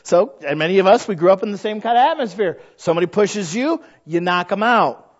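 A man's voice: sits high, a little fast. A man in his thirties preaching a sermon, telling stories and acting out the voices of the people in them. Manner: animated storyteller who acts out quoted voices. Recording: slightly dull lo-fi sound.

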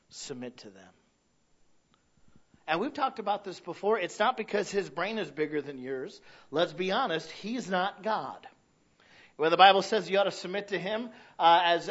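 A man's voice: high voice, fairly bright tone. A man preaching a sermon in a conversational, plainspoken way with self-deprecating humor. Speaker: pastor. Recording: slightly dull lo-fi sound.

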